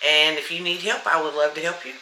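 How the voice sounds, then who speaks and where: Woman, manifestation coach, very sharp bright tone, echoey room, straightforward. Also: low-pitched, flat delivery, fast, slight background noise. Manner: blunt, straight to the point, repeats affirmations. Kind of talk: casual motivational talk.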